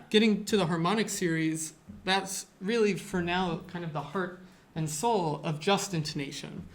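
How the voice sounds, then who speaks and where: Music teacher, mid-range voice, informal classroom lecture, chatty and meandering with many fillers. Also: medium pitch. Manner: loose and chatty, with frequent fillers and self-corrections. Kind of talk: casual lecture.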